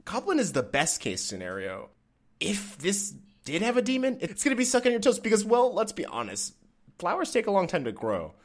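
Mann, scherzhafter Schein-Experte, sehr lebhaft. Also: male voice, high voice, brisk. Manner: deadpan mock-expert, joking. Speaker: podcast co-host. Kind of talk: casual chat.

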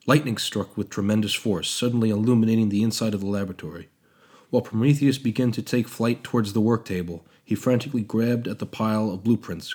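A man, the podcast host, narrating a science-fiction story in a steady, measured reading. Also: on the low side, breathy edge.

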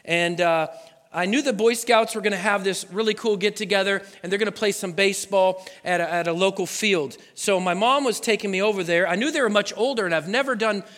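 A pastor from Oregon, USA, preaches a sermon in a high voice at a fairly quick pace, telling a personal story with lots of animation. He acts out voices and sound effects, and a long hall reverb surrounds him.

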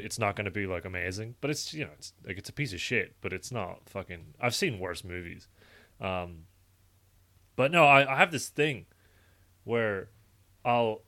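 A man chatting casually with a friend, his voice bright and forceful while pitched a little low. He tells stories in a laid-back way, swears freely and gets animated when he quotes his own reactions. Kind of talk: casual chat.

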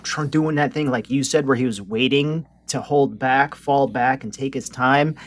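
Man co-host, casual halting chat, rambly anecdote delivery. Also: medium pitch. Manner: rambling, halting storyteller with many fillers.

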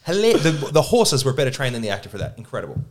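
A man, a producer guest on a podcast, telling animated anecdotes and acting out quotes in casual chat. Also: mid-range voice, rapid-fire, over a noisy crowd. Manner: lively anecdotes with acted-out quotes.

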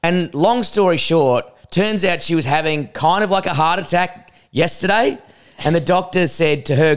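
A young Australian man co-hosting a casual comedy podcast, telling animated, swearing stories with laughs. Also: fairly high pitch, normal speed, smooth. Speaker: podcast co-host.

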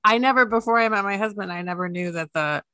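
A woman's voice: medium pitch, fast, pushed and bright, smooth, no room sound. A woman co-hosting a podcast in casual chat about a TV series, wry and chatty, often laughing mid-sentence.

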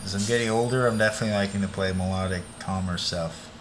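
A man's voice: deep voice, steady tone, quick pace, slight background noise. A young man co-hosting a podcast, telling rambling stories in casual chat, laughing and swearing freely. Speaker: podcast co-host.

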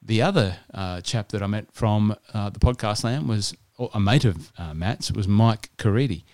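Chatty Australian man, lowish dry voice. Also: moderate pace, darkish tone, no echo. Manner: chatty storytelling with restarts. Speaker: podcast co-host. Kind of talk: casual chat.

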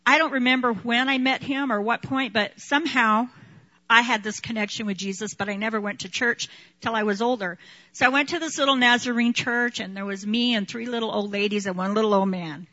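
A woman preaching a sermon and sharing her testimony, animated, laughing often and acting out quotes. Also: on the high side, fairly quick, lo-fi sound.

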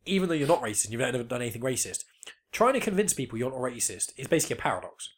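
A man's voice: mid-range voice, sing-song, rapid-fire, breathy edge. A man in his twenties talking casually on a podcast, rambling with lots of restarts and swearing. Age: 20s. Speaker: podcast co-host. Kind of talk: casual chat.

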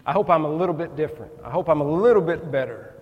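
Guy preaching in church, folksy and earnest, kinda high voice, lots of hall echo. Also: animated, quick pace, dull audio. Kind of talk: sermon. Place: church sanctuary. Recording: long reverb in a church hall.

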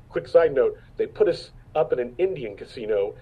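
A man's voice: medium pitch, animated, unhurried, husky, muffled recording. A man in his fifties, an actor guest in a casual interview, telling stories and acting out what people said, with many restarts. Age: 50s. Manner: storytelling, acts out quotes, frequent restarts.

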